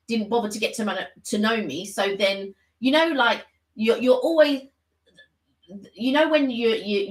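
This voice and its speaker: Woman chatting on a live stream, voice swings up and down a lot, rambly, roomy echo. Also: on the high side. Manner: chatty, rambling, with many restarts and animated retellings. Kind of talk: casual chat.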